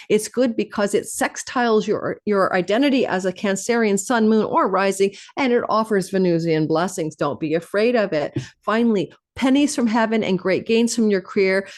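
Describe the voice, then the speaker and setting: A woman astrologer hosting her own channel, giving a fast, animated forecast that runs through long lists of phrases. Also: mid-range voice. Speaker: astrologer host.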